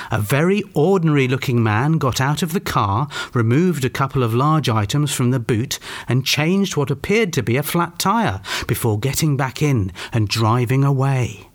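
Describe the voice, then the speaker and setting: Comic host and storyteller, dry and teasing, animated delivery. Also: male voice, medium pitch, normal speed, hardly any pauses. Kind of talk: mock children's story reading.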